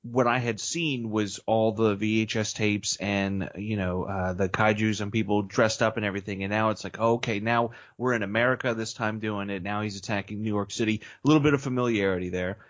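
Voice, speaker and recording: A man's voice: fairly low pitch, steady tone, a little fast, few pauses, muffled recording. A man co-hosting a film podcast in a casual, blunt and opinionated way, with frequent sighs. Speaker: podcast co-host.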